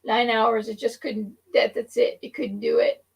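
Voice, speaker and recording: Husky, gravelly woman chatting on a stream. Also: a little high, level tone, normal speed, poor audio. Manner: laughs while talking, loose trailing sentences. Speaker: stream host. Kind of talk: casual chat. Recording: speaking over a phone with delay.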